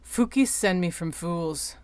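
A woman voicing a gruff, coarse-talking male airship captain who growls and speaks bluntly. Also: fairly low pitch, slow pace, darkish tone, no echo.

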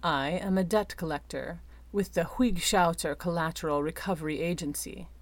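A woman voicing a composed, polite male debt collector who speaks quietly and formally. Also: on the low side, moderate pace, no echo.

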